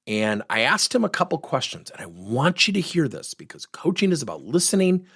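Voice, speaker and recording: A middle-aged man, a workplace coach, teaching through an animated story and acting out the voices of the people in it. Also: a little high, a little fast, husky, no room sound, clean studio sound. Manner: animated, acts out the voices in his stories.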